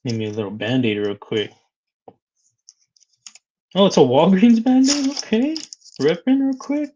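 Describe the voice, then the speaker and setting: A man's voice: high voice, lively intonation, measured pace, warm tone, dull audio. A man hosting a casual live stream, greeting viewers by name, reading their comments aloud and laughing often. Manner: chatty, reads out viewer comments and greets them; laughs often between remarks.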